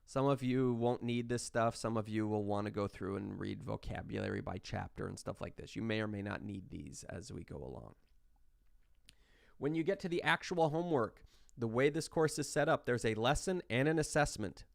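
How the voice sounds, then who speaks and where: A man's voice: lowish voice, expressive, normal speed, gravelly, no room sound, studio quality. A man teaching a statistics class in a recorded online lecture, talking casually with lots of restarts and checking in with "right?". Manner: conversational, tag questions, frequent restarts. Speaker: statistics instructor.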